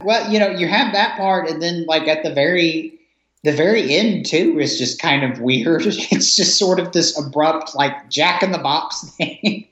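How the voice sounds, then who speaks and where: A man's voice: a little high, a little slow, a bit bright. A man co-hosting a podcast, chatting casually about a film, laughing often as he retells scenes. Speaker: podcast co-host. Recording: echoey, dull lo-fi sound.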